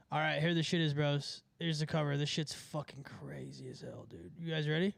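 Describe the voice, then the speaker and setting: A young man rambling excitedly to his chat during a casual livestream, profane and full of filler words. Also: fairly high pitch, brisk, gravelly, few pauses, no room sound. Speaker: musician streaming to chat.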